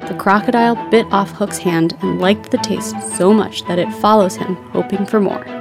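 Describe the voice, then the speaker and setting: Woman, storybook narrator, steady clear telling, gravelly voice, middle pitch. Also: moderate pace, music in the background. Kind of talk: scripted children's story narration.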